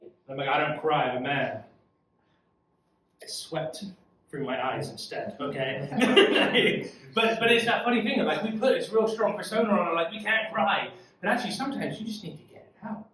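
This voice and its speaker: Male youth Bible study leader, higher-pitched, earnest and conversational; recorded from a distance in a very reverberant room. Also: expressive, normal speed, fairly bright tone. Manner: earnest, conversational, asks the group questions. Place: church room. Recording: echoey room from far off.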